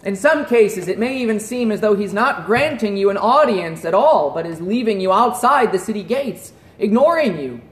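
A man preaching a sermon in an earnest voice that drops to a hush at solemn points. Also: sits high, expressive, moderate pace, hardly any pauses, roomy sound. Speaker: pastor.

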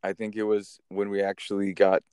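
A man hosting a podcast, telling stories in a casual, animated way and swearing now and then. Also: on the low side, a little fast, smooth, dry recording, studio quality. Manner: animated, chatty storyteller who swears casually. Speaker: podcast host. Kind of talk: casual storytelling.

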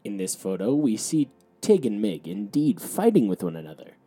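A man co-hosting a podcast, describing a storybook's pictures one by one in a deadpan, matter-of-fact way. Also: fairly low pitch, normal speed, breathy edge. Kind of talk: picture-by-picture commentary.

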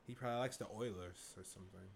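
A man's voice: fairly low pitch, fast, gravelly, slight background noise. A man from Louisiana, co-hosting a podcast in casual, profane, incredulous chat. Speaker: podcast co-host.

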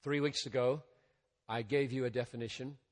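A man preaching a sermon as a pastor, with emphatic rises and drops in loudness and a slow, deliberate delivery. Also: medium pitch, fairly even intonation. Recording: long reverb of a large hall.

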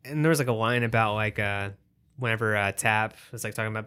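A man's voice: on the low side, fast talker, bright, forceful tone, clean tone. A man co-hosting a podcast in casual chat, talking loosely and hedging his points with fillers. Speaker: podcast co-host.

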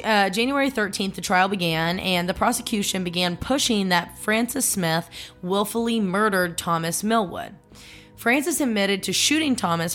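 A woman's voice: mid-range voice, fairly bright tone. A woman co-hosting a casual true-crime podcast, chatty and jokey, slipping into silly voices for quotes. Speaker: podcast co-host.

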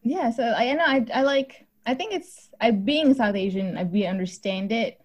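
A woman's voice: a little high, animated, moderate pace. A woman in casual conversation, rambling and cutting herself off mid-sentence. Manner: rambling, self-interrupting. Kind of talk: casual chat.

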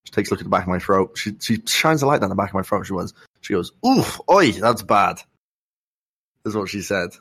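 A young man with a sore throat, speaking softly while telling a rambling, wry story in a casual podcast chat. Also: sits low, rapid-fire, few pauses, husky, no room sound. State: sore throat, soft-spoken. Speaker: podcast co-host.

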